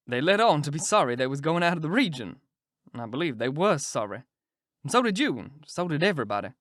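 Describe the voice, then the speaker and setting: A man's voice: on the high side, sing-song, quick pace, a bit bright, no room sound, studio quality. A man voicing a scheming male con man posing as a duke, drawling and chuckling in a storybook reading. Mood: sly.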